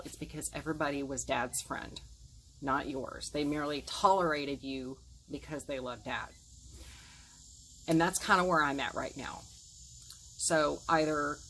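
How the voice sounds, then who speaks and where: A woman's voice: deep voice, a bit bright, slight background noise, poor audio. A woman in her forties telling a painful personal story to camera, earnest and emotional, acting out the things people said. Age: 40s. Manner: earnest, emotional retelling with quoted dialogue.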